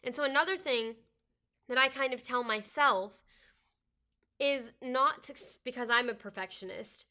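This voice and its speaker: A woman's voice: fairly high pitch, unhurried, sharp tone. A young woman talking casually as a podcast guest, earnest and reflective, often saying "I think". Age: young adult. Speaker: podcast guest, host's daughter. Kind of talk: casual conversation.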